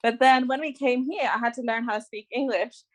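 A woman's voice: fairly high pitch, a little fast. A young Australian woman chatting casually as a podcast co-host, rambling with lots of fillers. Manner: chatty, rambling with many likes. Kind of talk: casual chat.

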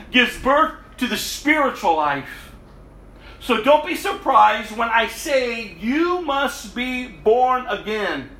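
A man's voice: very high voice, sharp tone. A man preaching a sermon, reading scripture and then explaining it with emphatic repetition of key words. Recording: echoey room.

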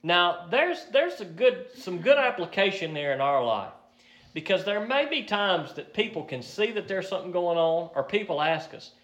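A man's voice: high voice, sing-song, normal speed, fairly bright tone. A man preaching a sermon, teaching through a Bible passage in a conversational way with frequent fillers and restarts. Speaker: pastor.

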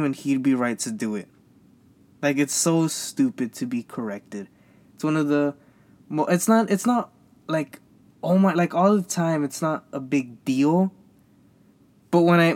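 A man's voice: fairly high pitch, a little mellow. A young man rambling in a casual solo podcast, stammering and repeating himself, frustrated and venting. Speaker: podcast host.

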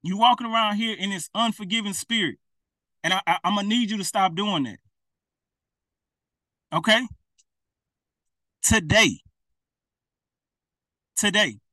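Preacher, male, direct and repetitive, bright tone, sits back from the mic. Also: high-pitched, normal speed, long pauses, no room sound, recorded from a distance. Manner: colloquial, repetitive, direct address. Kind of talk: informal preaching to camera.

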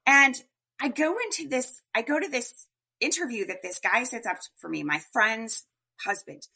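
A woman telling her story as a guest in a podcast interview, chatty and animated, with many fillers. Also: a little high, moderate pace, breathy edge.

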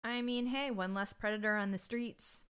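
A woman's voice: mid-range voice, steady tone, normal speed, fairly bright tone, smooth. A woman co-hosting a podcast in casual chat, blunt and profane, retelling scenes with acted-out quotes. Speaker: podcast co-host.

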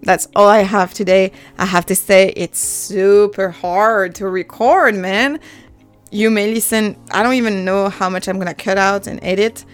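A woman's voice: medium pitch, steady tone, normal speed, clear, resonant tone, soft background music. A woman in her thirties with a French accent, hosting her own podcast in a chatty, self-deprecating way and laughing often. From France. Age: 30s. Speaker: podcast host. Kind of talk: casual solo podcast monologue.

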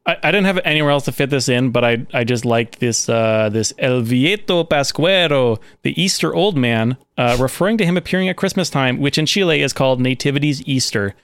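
A man's voice: medium pitch, expressive, fairly quick, few pauses, a bit bright, clean tone, dry recording. A man hosting a casual comedic podcast, rambling and joking with lots of fillers as he presents a slideshow.

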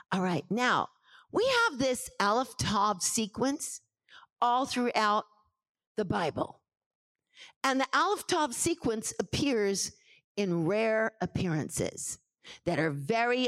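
A woman pastor teaching scripture in a sermon, calling for responses from the congregation with emphatic repetition and rising into shouted preaching. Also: on the high side, no echo. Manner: rises to shouted preaching at climaxes.

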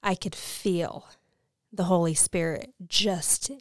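A woman in her thirties with a smooth, resonant voice, heard close and dry. She tells her story earnestly, and she is easily moved as she speaks. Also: fairly low pitch, fairly even intonation, slow pace, dry recording. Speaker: podcast co-host. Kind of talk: faith podcast chat.

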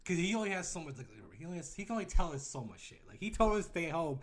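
Brief: male podcast co-host, slightly high voice, very animated pitch, profane and joking, casual banter. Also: very fast. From California.

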